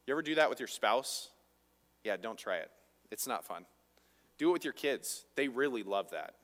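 A man's voice: medium pitch, lively intonation, moderate pace, fairly bright tone, long reverb tail. A man preaching a conversational sermon as a pastor, often asking his listeners rhetorical questions.

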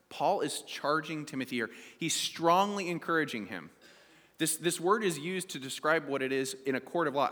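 A man's voice: fairly high pitch, animated, normal speed, sharp tone, in a large hall. A male pastor preaching a sermon to his congregation, asking them questions as he goes and reading scripture aloud.

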